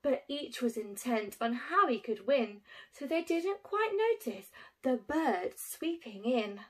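High-voiced teacher reading a picture book. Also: female voice, slow. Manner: expressive, sing-song rhyming delivery.

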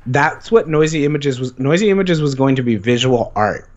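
A man's voice: medium pitch, lively intonation, moderate pace, muffled recording. A young man as an interview guest, telling stories in a rambling, eager way, full of fillers. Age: young adult. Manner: rambling, many "like" fillers, enthusiastic storytelling. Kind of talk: casual conversation.

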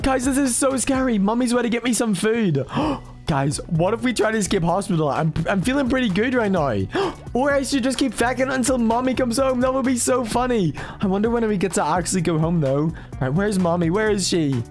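A man playing a baby in a game role-play, yelping excitedly and talking to his viewers. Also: sits high, brisk, soft background music. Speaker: gaming YouTuber.

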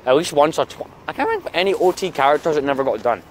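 Swearing man with a lively voice. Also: fairly high pitch, quick pace, a little hiss or hum. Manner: angry swearing rant. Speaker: vlogger. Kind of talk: casual vlog chat.

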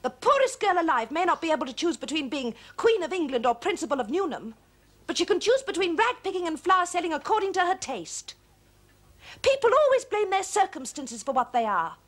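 An actress playing a cool, self-possessed young college-educated daughter who speaks crisply and precisely, in a period film drama. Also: female voice, extremely high pitch, very animated, brisk. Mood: firm. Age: young adult.

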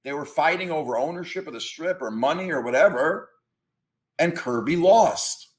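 A man's voice: fairly high pitch, animated, normal speed, husky. A man, a comics historian interviewed as a guest, arguing his views emphatically in a ranting tone and swearing casually. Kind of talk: opinionated interview talk.

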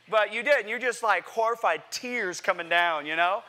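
A man preaching a sermon to a church congregation, animated and playful, asking the crowd questions and acting out what people say. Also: sits high, normal speed, few pauses. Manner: animated, playful, acts out quotes; addresses congregation directly with questions. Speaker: pastor. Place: church sanctuary.

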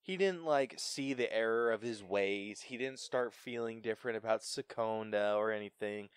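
A man's voice: on the low side, normal speed, clean tone, no echo, clean studio sound. A man co-hosting a podcast, chatting casually about a film and acting out lines from it with laughter. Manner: animated, laughing, acts out quoted lines. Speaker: podcast co-host. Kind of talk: casual movie review chat.

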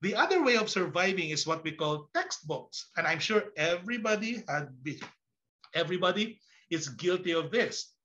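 Guy teaching teachers online, bright punchy voice, acts out the kids, bit muffled audio. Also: sits high, normal speed. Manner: animated, acts out classroom scenes with exaggerated voices. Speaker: teacher trainer. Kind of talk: online teacher training talk.

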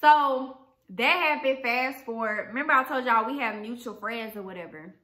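A young woman vlogger telling a storytime tale in animated, slangy, profane talk. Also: on the high side, moderate pace. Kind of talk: storytime vlog.

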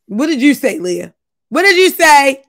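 Loud mocking woman reacting, gravelly voice. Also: high voice, very animated, measured pace. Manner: loud, exasperated, swears a lot, mocking. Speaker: streamer reacting to a video. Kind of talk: casual reaction commentary.

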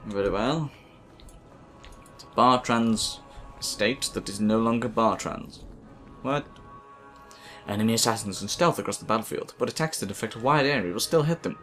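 A man's voice: medium pitch, normal speed, a bit bright, soft background music. A man giving casual let's play commentary over a game, sarcastic and mumbling, with swearing. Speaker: gaming video host.

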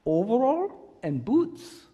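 A man's voice: very high voice, huge pitch swings, takes it slowly, dark tone, slightly rough. Earnest male pastor in a big echoing church. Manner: earnest, emphatic, with rising bursts of energy. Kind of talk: sermon. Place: church sanctuary. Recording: reverberant church sanctuary.

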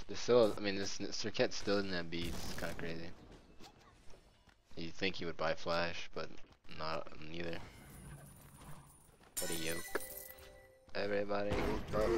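A young man giving live commentary on his own video game match, joking and swearing, and breaking into excited shouts. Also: low voice, measured pace, long pauses, noisy background. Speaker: gamer streaming his match.

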